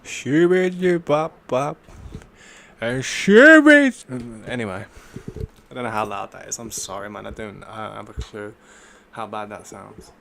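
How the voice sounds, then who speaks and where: Chatty gaming streamer. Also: male voice, lowish voice, flat delivery, normal speed, gravelly, fairly bright tone, a little hiss or hum. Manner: rambling, slangy, calls viewers man. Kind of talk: casual live-stream chat. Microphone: desk microphone.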